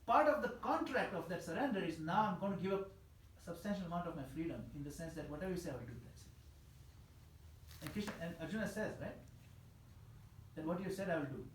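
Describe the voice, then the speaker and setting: A man giving a scripture class in a temple hall, animated and emphatic, laughing at his own examples. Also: high-pitched, fast talker, slight background noise. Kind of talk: scripture class lecture answering questions. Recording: echoey hall with faint ambience.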